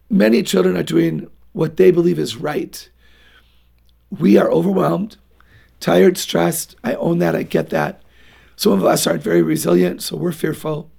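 A woman's voice: on the low side, fairly even intonation, measured pace, creaky, mellow, slightly rough. A woman speaking as a guest on a parenting interview, earnest and emphatic as she urges parents on. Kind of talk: radio interview talk.

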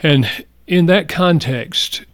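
An older man telling a personal story as a guest in a radio interview, speaking earnestly and reflectively, going soft at the tender parts. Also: on the high side, takes it slowly, dry recording. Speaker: guest, marriage counselor.

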